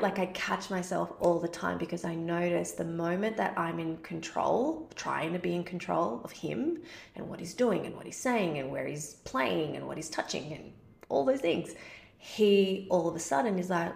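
A woman's voice: lowish voice, moderate pace, vocal fry, echoey room. A woman, giving casual parenting advice as a podcast host, chatty and full of "like" fillers. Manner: chatty, many "like" fillers, acts out parent-child exchanges. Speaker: podcast host answering a listener question.

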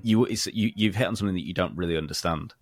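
A man co-hosting a podcast, explaining points in a measured, casual way. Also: low-pitched, no echo. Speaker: podcast co-host. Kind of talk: casual sales podcast chat.

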